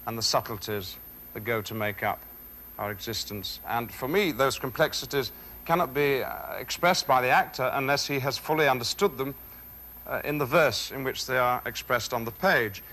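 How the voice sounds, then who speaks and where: A male stage actor giving a talk on performing Shakespeare, in a measured, reflective way with thoughtful pauses. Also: medium pitch, bright, forceful tone.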